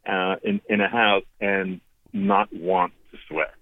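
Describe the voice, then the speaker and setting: A man in his fifties, a radio guest telling family stories in a lively, anecdotal way, often restarting his sentences. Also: sits low, slow, dry recording. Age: 50s. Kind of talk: storytelling on a call-in interview. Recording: tinny phone line.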